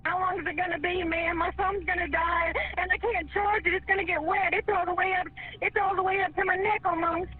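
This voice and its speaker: A woman's voice: very high-pitched, steady tone, a little fast. Frightened woman pleading on a tinny phone line. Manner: panicked, pleading, stammering. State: frightened, tearful. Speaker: emergency caller. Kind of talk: recorded emergency call.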